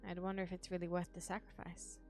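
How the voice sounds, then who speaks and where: A woman's voice: lowish voice, completely flat delivery, fast talker, darkish tone, soft background music, lightly acted. A woman reading a smug, teasing young man. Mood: dry, teasing. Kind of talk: game dialogue read aloud.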